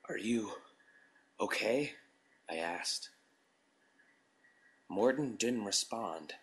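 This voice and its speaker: A man narrating a scripted story in a measured, deliberate storytelling manner. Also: sits low, fairly bright tone, rough recording.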